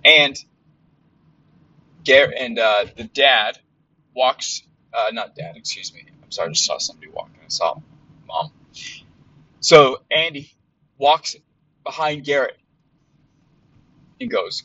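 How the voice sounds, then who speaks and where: A man's voice: medium pitch, lively intonation, slow pace, long pauses, sharp tone, no echo, highs cut off. A man hosting a podcast in a casual monologue, blunt and rambling, with lots of fillers and some swearing. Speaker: podcast host.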